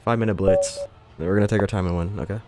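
A man's voice: low-pitched, steady tone, very fast. A young man giving casual gameplay commentary, frustrated and self-mocking, swearing and breaking into jumpy outbursts. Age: young adult. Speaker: gaming YouTuber.

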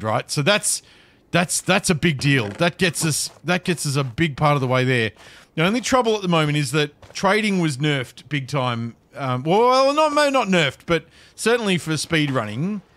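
A man's voice: on the high side, fairly bright tone. A man giving casual gameplay commentary, talking to himself as he plays and repeating phrases with nervous chuckles. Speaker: gaming video creator.

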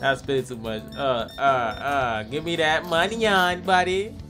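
A man's voice: on the high side, steady tone, a little slow, pushed and bright, soft background music. Hyped young man joking through gameplay. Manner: hyped, joking, talks to game customers. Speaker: gaming YouTuber. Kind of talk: playful gameplay commentary.

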